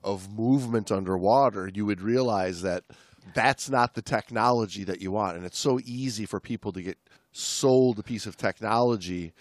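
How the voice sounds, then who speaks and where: Animated man reading a story, dry mic. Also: fairly low pitch, moderate pace, no room sound. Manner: animated storyteller, dramatic emphasis. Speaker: podcast co-host. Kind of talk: casual chat and reading a story aloud.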